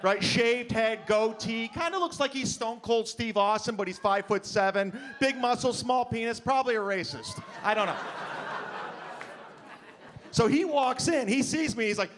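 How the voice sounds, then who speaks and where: A man's voice: extremely high pitch, normal speed, fairly bright tone, slight background noise. A man performing a stand-up comedy set, telling a long drunken anecdote and acting out the other people in it. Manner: storytelling, drunk-anecdote delivery with acted-out quotes. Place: comedy club stage. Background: audience laughter.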